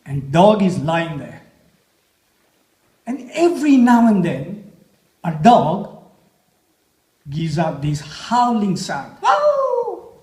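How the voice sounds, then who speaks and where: A man giving a motivational talk at a festival, posing slow, deliberate rhetorical questions to the audience. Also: a little high, sing-song, dark tone. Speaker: motivational speaker. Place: music festival stage. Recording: echoey live stage sound.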